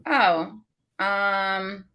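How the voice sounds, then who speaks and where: A woman co-hosting a comedy telethon, quick with teasing retorts. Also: medium pitch, bright, forceful tone, slight background noise. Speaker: co-host and singer. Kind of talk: improvised comedy banter.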